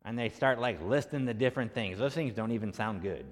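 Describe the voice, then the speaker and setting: A man's voice: medium pitch, brisk. A man preaching a sermon as pastor, telling a story in a conversational way and acting out the quoted voices. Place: church sanctuary. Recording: long hall reverb.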